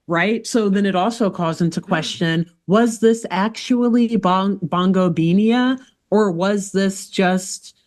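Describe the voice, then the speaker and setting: A woman podcast host casually recapping a cartoon episode, telling it in an animated way with playful asides. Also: medium pitch, takes it slowly. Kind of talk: casual chat.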